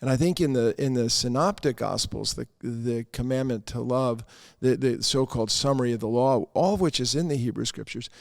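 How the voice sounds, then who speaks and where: A man with a gravelly edge to his voice co-hosts a church podcast. He talks through scripture thoughtfully, restarting his sentences as he explains. The recording is dry and close. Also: medium pitch, brisk, few pauses, no echo. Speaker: priest and podcast co-host. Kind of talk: conversational scripture discussion.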